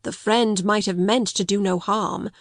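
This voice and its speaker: A woman reading the part of a frail older invalid gentleman, breathless and urgent. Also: mid-range voice, steady tone, a little slow, no room sound, studio quality, close to an everyday voice.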